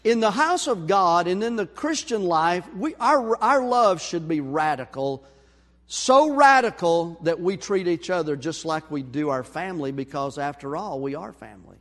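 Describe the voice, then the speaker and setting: A man preaching a sermon, telling a story with lively acted-out voices. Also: sits high, moderate pace. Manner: animated storyteller, acts out voices. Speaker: pastor. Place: church sanctuary. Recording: long hall reverb.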